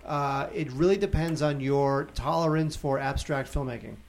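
A man reviewing films in casual chat, measured and wry with occasional fillers. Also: medium pitch. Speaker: film reviewer, co-host.

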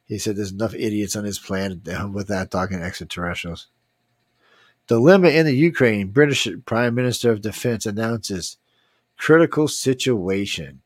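A man's voice: fairly low pitch, dry recording, studio quality. A man hosting a casual news talk, reading headlines and rambling bluntly with swearing and trailing-off sentences.

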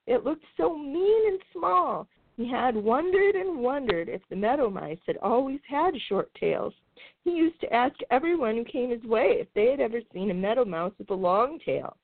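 A woman host reading a children's storybook aloud in an expressive, lilting way. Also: on the high side, normal speed. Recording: tinny phone-like sound.

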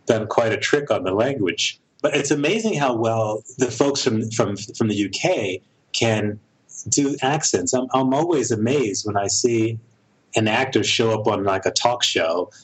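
A middle-aged American man, a director and producer, talks thoughtfully in a casual interview, often pausing and restarting his sentences. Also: mid-range voice, expressive, slightly rough, rough recording. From United States. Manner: thoughtful, halting, with frequent restarts.

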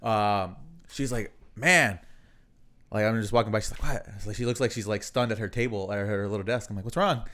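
A man's voice: fairly low pitch, a little fast, fairly bright tone. A man co-hosting a podcast, telling a rambling story in casual chat with plenty of fillers and swearing. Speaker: podcast co-host.

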